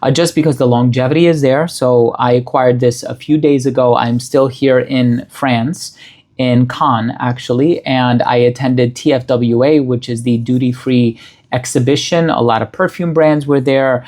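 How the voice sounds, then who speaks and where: A man talks through a fragrance review in a casual, unhurried way. He lists the scent notes one by one and sounds appreciative. His voice sits at an ordinary middle pitch for a man. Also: fairly even intonation, darkish tone. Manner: descriptive, listing scent notes in a measured, appreciative way.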